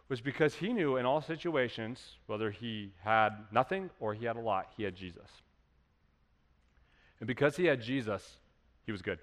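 A man's voice: mid-range voice, animated, normal speed, pauses often. A man in his thirties, a pastor preaching a sermon in a conversational way that builds to emphatic peaks. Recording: long reverb of a church hall.

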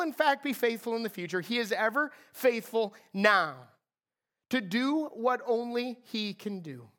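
A woman preaching a sermon in an earnest, emphatic way, repeating key phrases for weight. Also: fairly high pitch.

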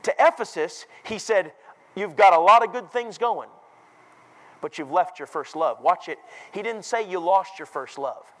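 A man with a high voice preaching a sermon from scripture. He talks emphatically and climbs to loud, ringing declarations. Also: animated, moderate pace, poor audio.

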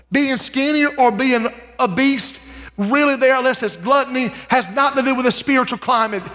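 A high, ringing male voice preaches in a church sanctuary, his sound trailing off in a long hall reverb. He swings from slow, drawn-out lines to quick bursts and calls out to the congregation. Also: bright, forceful tone. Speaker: pastor. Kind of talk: sermon.

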